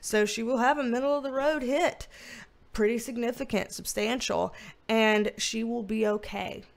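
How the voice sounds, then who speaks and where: A woman's voice: on the high side, fairly even intonation, normal speed, creaky. A chatty woman, a tarot reader wrapping up her vlog and then baby-talking her dogs at home. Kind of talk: casual vlog talk.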